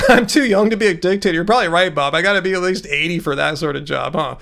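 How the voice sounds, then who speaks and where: A man's voice: sits high, fast talker, gravelly, a bit bright. A middle-aged man hosting a casual livestream, reading out viewer comments and answering them in a joking, teasing way. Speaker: livestream host.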